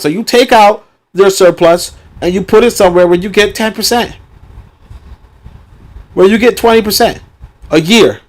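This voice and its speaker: A man reading a book aloud and breaking off into animated, sarcastic commentary. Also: sits high, moderate pace, long pauses. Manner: animated, sarcastic asides, many fillers.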